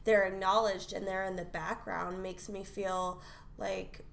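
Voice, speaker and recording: A woman's voice: medium pitch, level tone, measured pace, creaky. Female panelist, opinionated and playful, faint room hum behind. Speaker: podcast panelist. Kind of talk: casual panel chat.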